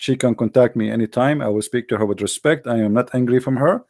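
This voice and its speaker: A man's voice: medium pitch, fast talker, darkish tone. A man talking straight to his viewers with earnest urgency, in plain non-native English, sometimes repeating words as he searches for them. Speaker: online commentator. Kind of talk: direct-to-camera monologue.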